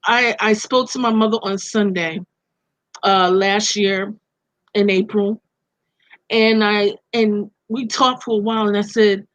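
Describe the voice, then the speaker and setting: Middle-aged brooklyn lady on a podcast video call, talks slow and earnest, dry close sound. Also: medium pitch, steady tone, a bit bright, no room sound, low-quality recording. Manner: earnest, reflective, speaks of faith and loss. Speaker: guest. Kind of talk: personal storytelling on a podcast.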